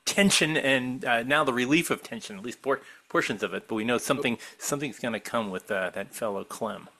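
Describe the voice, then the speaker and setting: A man's voice: medium pitch, brisk, creaky, sharp tone. A man hosting a podcast, opening the show in an upbeat tone and then chatting casually. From North Carolina. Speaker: podcast host. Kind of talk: podcast intro and casual chat.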